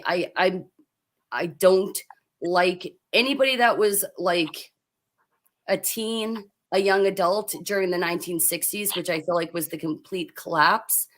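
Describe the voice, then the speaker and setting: A woman's voice: on the low side, measured pace, a bit bright. Opinionated young woman in live chat. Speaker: co-host.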